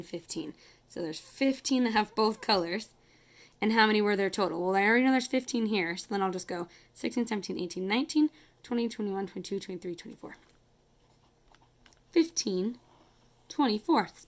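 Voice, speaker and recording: Lady teacher walking kids thru fractions, chatty, says sorry a lot, counts out loud, mid pitch. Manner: chatty, apologetic, talks while coloring and counting aloud. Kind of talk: casual math lesson to kids.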